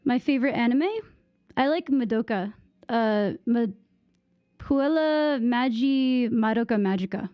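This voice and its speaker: A young woman from the United States with a high voice chats slowly and playfully with her stream audience, often laughing. Her voice is close and dry, with no room sound. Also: clear, resonant tone, no room sound, highs cut off. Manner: giggly, chatty, tries out French phrases. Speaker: game streamer. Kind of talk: casual live-stream chat with viewers.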